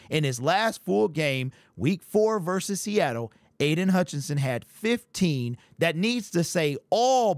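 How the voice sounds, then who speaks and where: A man's voice: a little high, no room sound, clean studio sound. Amped man hosting a sports fan channel. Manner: amped, emphatic, repeats points. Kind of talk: fan commentary vlog.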